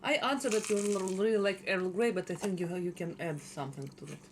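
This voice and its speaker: A woman's voice: medium pitch, a little fast, a little hiss or hum. A woman with a Russian accent, a native Russian speaker, chatting casually at home while eating and often searching for words. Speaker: channel host. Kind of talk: casual mukbang chat. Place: home dining table.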